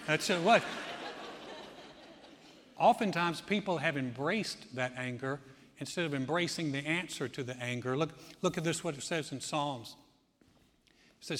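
A man preaching a sermon as pastor, telling stories with lively acted-out quotes. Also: fairly high pitch, measured pace, long pauses, big-room sound. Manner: animated storytelling, acting out quoted voices.

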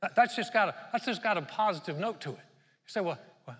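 A man preaching a sermon as pastor, animated and laughing often as he quotes scripture. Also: high-pitched, brisk. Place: church. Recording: long hall reverb.

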